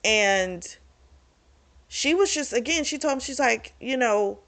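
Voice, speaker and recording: A woman's voice: fairly high pitch, animated, takes it slowly, fairly bright tone. A young woman casually recapping and reviewing a romance novel, chatty and frank, swearing freely and talking straight to her viewers. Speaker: book club vlogger.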